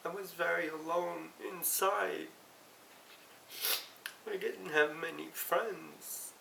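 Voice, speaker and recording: Middle-aged woman, slow and halting emotional confession on the verge of tears; distant mic in an echoey room. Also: lowish voice, steady tone, creaky, a bit bright. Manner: halting, tearful, self-correcting. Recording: roomy, distant mic, faint hiss.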